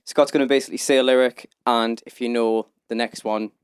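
A man hosting a casual podcast, easygoing and loose in his talk. His voice comes through smooth and resonant, recorded dry and close. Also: mid-range voice, fairly even intonation, fairly quick, no room sound. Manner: laid-back, swears casually. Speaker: podcast host. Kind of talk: casual chat.

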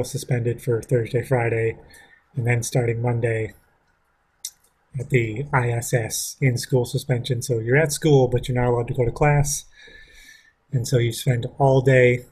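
A man's voice: mid-range voice, darkish tone, slightly rough. A man casually telling a story from his school days, rambling with frequent swearing. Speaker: vlogger.

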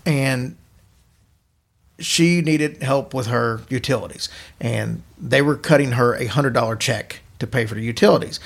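Male podcast host, gravelly and casual, narrating creepy tales. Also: medium pitch. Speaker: podcast host telling ghost stories. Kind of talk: casual storytelling chat.

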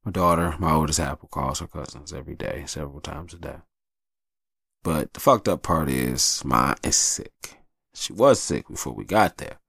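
A man's voice: a bass voice, normal speed, creaky, fairly bright tone, slightly rough, dry recording, studio quality. A man hosting a podcast, telling personal stories in a candid, profane, casual way. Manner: candid, profane, acts out voices in his stories. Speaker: podcast host. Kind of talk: casual storytelling monologue.

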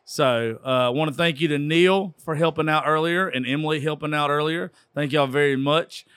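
Rowdy tipsy Southern man, bright voice. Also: a little high, normal speed, smooth, no room sound, studio quality. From Georgia, USA. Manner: rowdy, profane, excitable. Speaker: radio show host. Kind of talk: drunk live sports commentary.

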